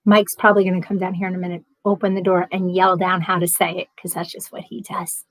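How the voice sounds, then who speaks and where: A woman's voice: on the low side, little pitch movement, fast, dry recording. A woman with a New York accent chatting casually as a livestream host, reading chat messages aloud and rambling with frequent laughs.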